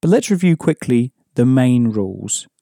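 Male language teacher, mellow, dry studio sound, patient and methodical. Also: medium pitch, big pitch swings, creaky, dry recording. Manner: measured, explanatory, repeats key points. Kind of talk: scripted lesson narration.

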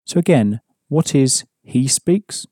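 A man's voice: medium pitch, animated, slow, mellow, husky, dry recording, studio quality. A man teaching an audio language lesson, patiently explaining rules and prompting the listener.

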